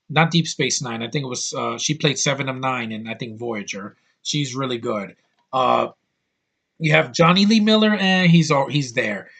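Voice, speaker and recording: A man's voice: medium pitch, a bit bright. Blunt, opinionated man in his thirties. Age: 30s. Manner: blunt, opinionated and rambling with crude outbursts. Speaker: YouTube reviewer. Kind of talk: casual DVD haul vlog.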